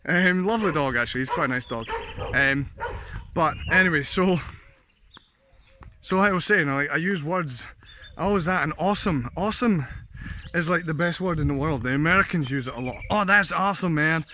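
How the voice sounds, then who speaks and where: A Scottish vlogger walks outdoors past houses, rambling chattily to his handheld camera and laughing often in a casual walking vlog. His voice is a little high, brisk, pushed and bright, with dogs barking and slight background noise.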